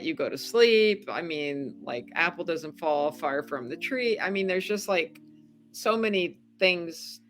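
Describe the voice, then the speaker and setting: A middle-aged woman, a podcast guest, telling a story in casual chat, animated and laughing often. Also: lowish voice. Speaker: podcast guest, former game show contestant.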